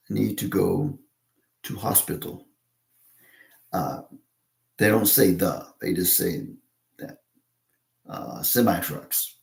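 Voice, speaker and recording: An American man talking casually to camera in a halting, rambling way, full of fillers and restarts. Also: low voice, creaky, darkish tone, reverberant. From United States.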